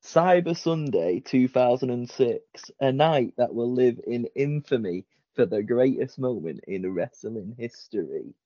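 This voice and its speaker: A man telling a wrestling story in casual podcast chat, acting out the quotes with lively energy. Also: medium pitch, unhurried, few pauses, no room sound. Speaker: podcast co-host. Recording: dull lo-fi podcast audio.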